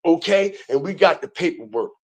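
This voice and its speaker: A man's voice: on the high side, expressive, moderate pace. A man hosting an online commentary video, ranting in a heated, profane way and repeating his points.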